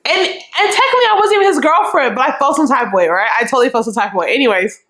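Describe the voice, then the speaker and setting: A young adult woman vlogger telling a storytime in a frank, animated and profane way, acting out what people said. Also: high voice, rapid-fire. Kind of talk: casual storytime.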